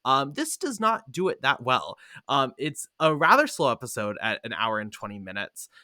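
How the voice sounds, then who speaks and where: A man hosting a podcast, talking casually in lively bursts. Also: mid-range voice, no echo, clean studio sound. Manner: lively, talks in quick bursts with many "um"s. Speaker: podcast host. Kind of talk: casual chat.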